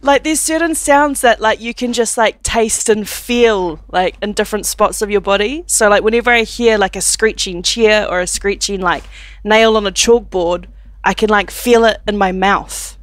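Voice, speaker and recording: A woman's voice: medium pitch, moderate pace, dry recording. A woman radio producer chatting casually from the booth, with many "like" fillers.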